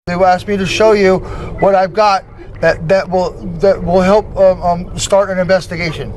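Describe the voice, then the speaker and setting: Guy stumbling over his words, keeps repeating himself, voice a bit high, faint hiss behind. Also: steady tone. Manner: halting, repeats words and restarts often. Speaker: channel host. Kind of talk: casual chat and phone calls.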